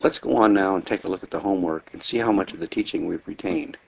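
A man's voice: low voice, fast, gravelly, darkish tone. A man closing a teaching session and moving on to homework. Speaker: Bible teacher. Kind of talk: class announcement. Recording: dull lo-fi with faint noise.

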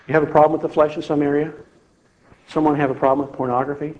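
A man's voice: a little high, little pitch movement, fast talker, a little mellow. A middle-aged man preaching a folksy sermon, speaking to the congregation conversationally. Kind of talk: sermon with personal testimony. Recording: slightly dull lo-fi sound.

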